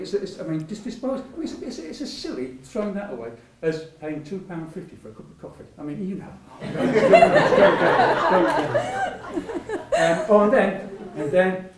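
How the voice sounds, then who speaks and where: A man's voice: sits high, big pitch swings, moderate pace, hardly any pauses, a little mellow. An older man, telling stories in a public talk, rambling with many restarts and frequent laughter. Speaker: patient speaker at a public talk. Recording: echoey hall, mic at a distance.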